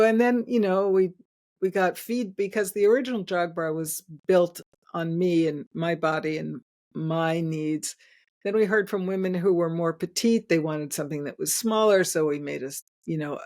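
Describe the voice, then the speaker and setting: A woman's voice: lowish voice, a little mellow. An older woman, a guest inventor, telling stories in a chatty interview, laughing often and restarting her sentences. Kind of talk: storytelling in casual interview.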